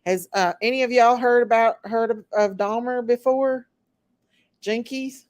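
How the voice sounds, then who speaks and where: A woman's voice: a little high, normal speed, a little mellow, dry recording. A woman hosting a casual late-night live chat, greeting viewers one by one and laughing often. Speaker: livestream host.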